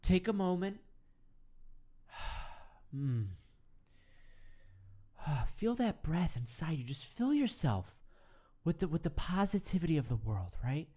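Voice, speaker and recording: Deep-voiced and exaggerated, a woman speaks slowly with big pitch swings, long pauses and a warm tone. She hosts an improvised comedy meditation show in character as a rambling, earnest male self-help guru who stammers and restarts constantly.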